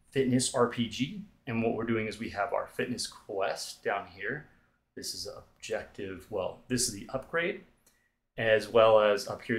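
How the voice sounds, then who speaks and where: Laid-back low-voiced male fitness streamer. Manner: relaxed, talkative, fillers and asides. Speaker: fitness coach streaming a workout. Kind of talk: live-stream stretch coaching and chat.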